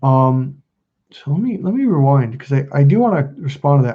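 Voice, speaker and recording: A man's voice: mid-range voice, very animated, moderate pace, breathy edge. Swearing emphatic man, dull lo-fi sound. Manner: swears freely, restarts sentences, emphatic. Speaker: self-help channel host. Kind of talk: casual livestream talk.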